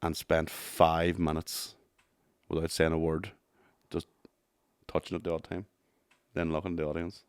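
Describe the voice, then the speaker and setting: A man's voice: very deep voice, normal speed, long pauses, smooth, no echo, clean studio sound. A man, a podcast co-host and comedian, telling sweary gig stories in casual chat. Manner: sweary, animated storyteller.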